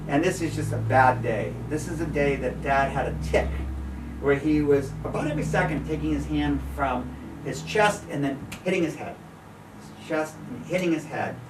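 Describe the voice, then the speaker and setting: A middle-aged photographer giving an informal slide talk to a gallery audience, an animated storyteller who laughs often and acts out the voices he quotes. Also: fairly high pitch, normal speed, far from the mic, background noise. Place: small art gallery with an audience. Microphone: room recording from a distance. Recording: echoey gallery room, voice from off-mic.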